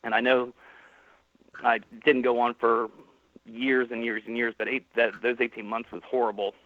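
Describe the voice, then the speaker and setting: This caller's voice is mid-range and level, moving at a moderate pace on a dry, tinny phone recording. He plainly recounts a personal experience on a call-in stream, quoting the people he came across.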